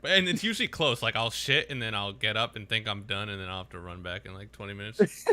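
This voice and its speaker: A man co-hosting a podcast, telling crude stories in animated casual chat. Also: on the low side, quick pace, clean tone, dry recording. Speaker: podcast co-host.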